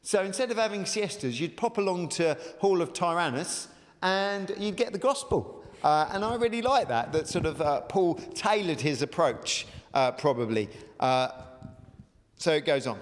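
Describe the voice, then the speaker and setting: Pastor preaching in a reverberant hall. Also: male voice, on the high side, normal speed. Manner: chatty, animated, many fillers. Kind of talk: sermon.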